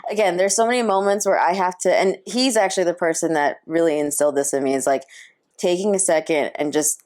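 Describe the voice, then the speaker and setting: A woman in her thirties, from New York, talks through her stories in a loose, chatty interview. Her voice sits a little low, and she fills her sentences with "like" as she keeps the story moving. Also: fairly quick. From Queens, New York. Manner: chatty, animated storyteller with frequent "like". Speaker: interview guest, wrestler. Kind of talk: casual interview chat.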